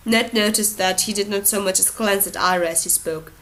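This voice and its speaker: Woman, audiobook narrator, steady, even, storytelling, mid-pitched. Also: fairly quick, poor audio. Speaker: audiobook reader.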